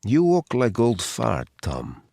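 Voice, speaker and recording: A man's voice: mid-range voice, huge pitch swings, slow pace, creaky, mellow, no echo, exaggerated voice. A male narrator voicing a woman in her thirties with a light Eastern European accent, teasing but guarded. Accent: light Eastern European (acted).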